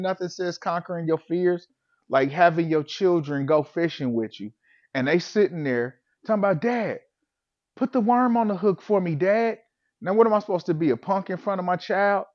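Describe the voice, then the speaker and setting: Man with a high voice telling a funny story, plays out his own reactions, dull lo-fi audio. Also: brisk. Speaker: vlogger telling a personal story. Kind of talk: casual comedic storytelling.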